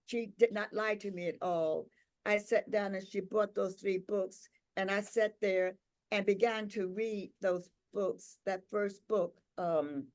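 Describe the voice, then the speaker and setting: Older woman, invited speaker, personal storytelling, reflective, unhurried, lots of "um" and "uh", mid-range voice. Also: medium pitch. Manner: repeats words and checks in with "right?". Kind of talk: personal storytelling at a tribute gathering.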